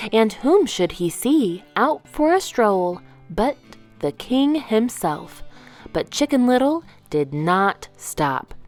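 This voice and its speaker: Woman storyteller for kids: slow, expressive read-aloud. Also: medium pitch. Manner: gentle, expressive reading with slow pacing. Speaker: children's storyteller.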